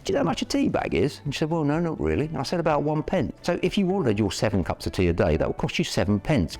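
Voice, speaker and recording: A middle-aged Yorkshireman with a Northern English accent and a low voice that swings widely in pitch. He delivers a blunt, animated motivational talk and keeps firing rhetorical questions at the listener. Faint music plays underneath. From Yorkshire, England. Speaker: property education presenter.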